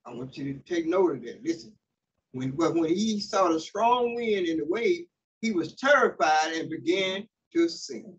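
A man's voice: on the high side, animated, normal speed. A man preaching a sermon, reading scripture aloud and stopping often to explain it, with fillers and restarts. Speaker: pastor. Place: church sanctuary. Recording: distant mic, dull sound, faint hiss.

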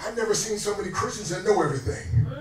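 A high-pitched man preaching in a restaurant dining room, heard from some distance with a roomy echo and faint music underneath. He swings between quiet asides and shouted calls to the congregation, a pastor in his fifties working the crowd. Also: expressive, quick pace. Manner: call-and-response exhortations. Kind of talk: sermon.

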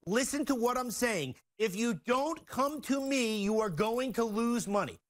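A man making a boastful, rapid-fire sales pitch as a store owner guest on a TV talk show. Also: animated.

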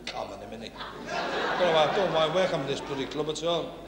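A Liverpudlian stand-up with a fairly high, animated voice moves along fairly quickly through a brash, bantering set at a working men's club. He chats with the crowd throughout. Background noise and an echoey hall fill the recording.

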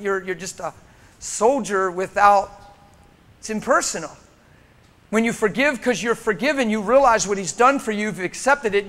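An American man preaching a sermon in a church, impassioned, swinging from loud urging to hushed tones. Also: high-pitched. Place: church sanctuary.

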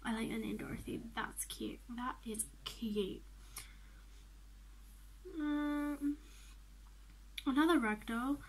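Brief: high-pitched young woman, gaming vlogger, excitable chatter with whispered asides. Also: slow pace, long pauses, slight background noise. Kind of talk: casual game commentary.

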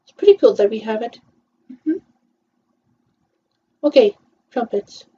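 A woman with a high, bouncy voice talks unhurriedly through a film, chatting and murmuring little agreements as it plays. Her voice swings widely in pitch. The recording sounds slightly dull and lo-fi. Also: sing-song, a little slow, warm tone, slightly rough. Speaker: viewer reacting to a film. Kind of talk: casual watch-along commentary.

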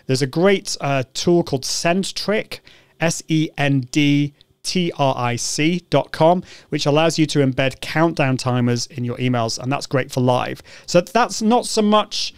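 British male host, chatty and upbeat, smooth clear voice, dry close sound, mid pitch. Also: a little slow, dry recording. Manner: chatty, upbeat, frequent restarts and ums. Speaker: live show host. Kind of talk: casual live-stream tutorial.

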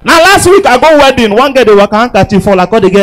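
High-voiced Nigerian stand-up comedian. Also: male voice, very animated, fast, a bit bright, poor audio. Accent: Nigerian Pidgin English. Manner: switches between low mutter and shrill mock-female squeals. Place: stage with live audience.

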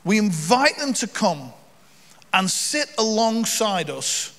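A middle-aged man preaching as a guest, telling funny anecdotes in a lively way and acting out the people in them. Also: sits high, slow pace. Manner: lively storyteller who acts out the people in his stories. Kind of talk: sermon with humorous anecdotes. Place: church hall. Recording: long reverb of a church hall.

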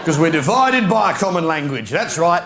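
A man's voice: a little high, sing-song, normal speed, very noisy. A British man doing live stand-up comedy, brash and mocking, firing off tag questions at the crowd. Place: large indoor comedy venue. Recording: echoey live venue with loud crowd. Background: loud audience laughter.

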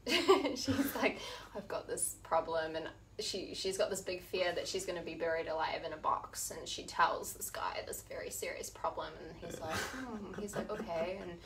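A woman's voice: fairly low pitch, moderate pace, distant mic, background noise. A woman co-hosting a casual chat, giggling often and retelling funny stories. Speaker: co-host.

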